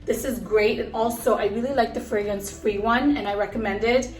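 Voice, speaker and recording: A woman's voice: fairly high pitch, steady tone, fairly quick, a little mellow, echoey room, distant mic, faint music behind. A pregnant young woman vlogging casually into her phone, chatty and upbeat with lots of fillers, a little out of breath. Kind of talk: casual chat to a phone camera. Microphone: phone camera.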